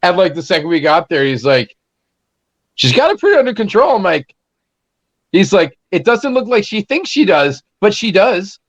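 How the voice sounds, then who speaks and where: A man's voice: high-pitched, sing-song, moderate pace, highs cut off. A man hosting a podcast, laid-back, retelling an anecdote with a chuckle. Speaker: podcast host. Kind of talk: casual chat.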